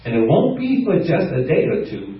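A man preaching a sermon, reading scripture in a steadier voice and breaking into laughter and animated emphasis between passages. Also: normal speed. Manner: laughs often, animated rises in pitch when stressing points; reads scripture aloud in a lower, steadier voice. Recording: echoey hall, far from mic, dull sound.

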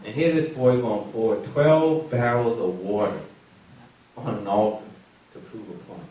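A man preaching a sermon with animated call-and-response, often laughing as he tells the story. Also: fairly low pitch, a little slow, slight background noise. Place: church. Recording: echoey room from far off.

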